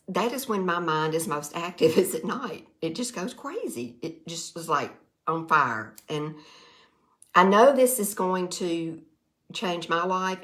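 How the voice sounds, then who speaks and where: A woman's voice: lowish voice, fairly bright tone. A middle-aged woman from the Mississippi Delta with a Southern accent, speaking earnestly to camera in a folksy, heartfelt way, often repeating herself. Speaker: direct sales vlogger. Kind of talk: emotional testimonial to camera.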